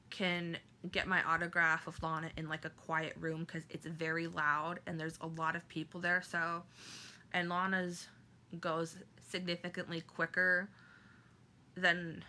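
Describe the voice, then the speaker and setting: A woman vlogger telling a personal story to camera, halting and emotional, with many fillers and restarts. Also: fairly low pitch, bright, forceful tone.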